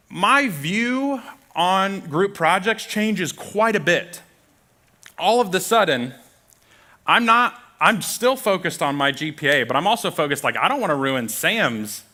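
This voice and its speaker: A man's voice: a little high, lively intonation, measured pace, pushed and bright. A young man giving a sermon as a guest preacher, telling a self-deprecating, humorous story from his school days. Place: church auditorium.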